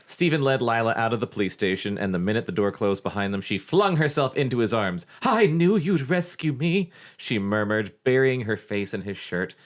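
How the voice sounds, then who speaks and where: A man co-hosting a comedy podcast, making crude quick quips and reading a novel aloud. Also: fairly low pitch. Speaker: podcast co-host. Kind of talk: comic book-reading podcast.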